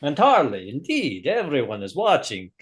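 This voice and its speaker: A man's voice: medium pitch, huge pitch swings, a little slow, slightly rough. A man playing in an online tabletop game, chatting playfully and laughing often. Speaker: player. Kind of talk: casual chat in an online game.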